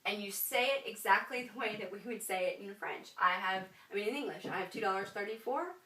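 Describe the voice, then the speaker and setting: A woman's voice: mid-range voice, fairly quick, bright, forceful tone, recorded from a distance. A woman teaching a French lesson in a chatty way, with frequent ums and check-ins of "right?". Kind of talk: classroom lesson. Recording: echoey room, voice from afar.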